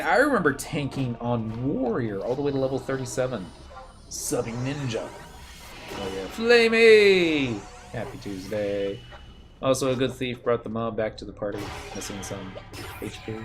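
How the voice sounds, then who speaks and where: A man in his thirties talks over his gameplay in a loose, rambling way, drifting into old stories and poking fun at his own slip-ups. His voice sits at an ordinary middle pitch. Clear game music plays behind him. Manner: rambling, reminiscing, self-mocking. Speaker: game streamer. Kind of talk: casual gameplay commentary.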